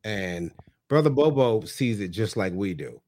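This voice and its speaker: A man's voice: fairly low pitch, animated, a little slow, a little mellow. Laughing man retelling a story. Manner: laughing storyteller, acts out quotes. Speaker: podcast co-host. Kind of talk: casual recap chat.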